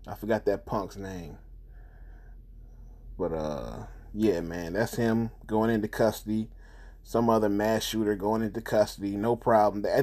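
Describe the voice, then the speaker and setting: Low-voiced man ranting over news clips. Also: darkish tone. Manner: profane, repetitive, indignant. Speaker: commentator on news videos. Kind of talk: casual heated commentary.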